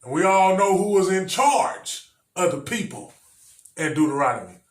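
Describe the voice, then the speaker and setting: A male preacher with a high voice teaches a sermon. He speaks emphatically and repeats his phrases for the listeners. The sound is echoey and picked up from some distance away. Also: animated, normal speed. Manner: emphatic, repetitive, addresses the congregation directly. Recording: echoey room, mic at a distance.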